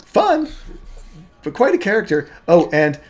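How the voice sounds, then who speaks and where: A man's voice: sits high, huge pitch swings, unhurried, faint music behind, pitched above the performer's own voice, heavily acted. A man voicing a cheerful young woman who is a merchant's daughter, talking in a bubbly, eager way in a tabletop game. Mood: chatty.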